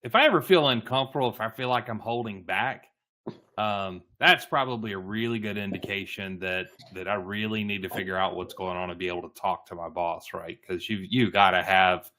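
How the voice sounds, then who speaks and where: A man with a low pitch and a bright, forceful tone talks about his job on a panel. He sounds casual and reflective, often repeating words. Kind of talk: panel discussion.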